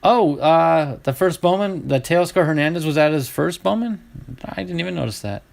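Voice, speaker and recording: Gravelly man chatting through a card break. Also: a little high, expressive, normal speed, slight background noise. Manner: chatty, talks to chat viewers while sorting cards. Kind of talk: casual live card-opening chat.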